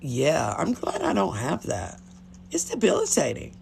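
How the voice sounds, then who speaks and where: A woman's voice: deep voice, huge pitch swings, a little slow, vocal fry, darkish tone, a little hiss or hum. A blunt, chatty woman with a drawl tells stories straight into her phone on a livestream. Her voice swings up and down expressively, and she swears without a second thought. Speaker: livestream host. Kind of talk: casual storytelling on a livestream.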